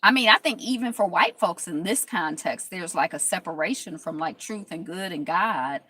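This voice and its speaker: A woman hosting a casual talk stream, telling stories in lively quoted voices and reading viewer comments aloud. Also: fairly low pitch, moderate pace, slightly rough. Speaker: host.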